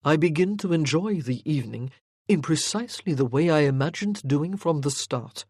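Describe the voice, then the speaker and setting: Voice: mid-range voice, expressive, normal speed, darkish tone, slightly rough, no room sound, studio quality. A reader voicing a teasing, worldly French nobleman in a historical romance audiobook, with a suave, mocking delivery. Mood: seductive. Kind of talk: audiobook character reading.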